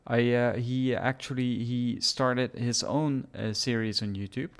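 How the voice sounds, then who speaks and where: A male podcast co-host chats casually during a gaming session, hesitant and full of "uh" fillers, laughing easily. He has a mid-range voice with a steady tone and a slightly slow delivery.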